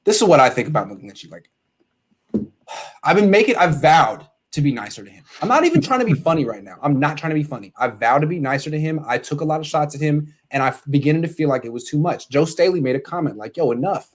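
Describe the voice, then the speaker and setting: A man's voice: fairly high pitch, expressive, fast talker. A man hosting a casual sports talk show, ranting animatedly and reading out viewer comments.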